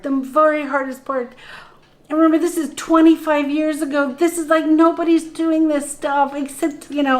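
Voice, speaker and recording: A middle-aged woman, a spiritual guide, telling a personal story in conversation, acting out what others said and laughing along the way. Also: high voice. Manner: animated, acts out quoted voices, laughs while telling.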